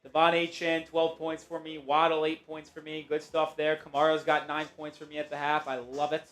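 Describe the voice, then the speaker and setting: A man's voice: fairly high pitch, monotone, normal speed, fairly bright tone. A man hosting a sports live stream, reacting chattily to plays, bets and fantasy scores. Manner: chatty play-by-play reactions, betting and fantasy talk. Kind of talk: casual live-stream commentary.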